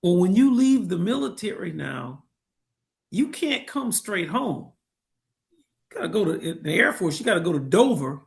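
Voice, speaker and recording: A man's voice: high-pitched, gravelly. A man in his fifties, a military veteran guest, talking emphatically in a casual discussion.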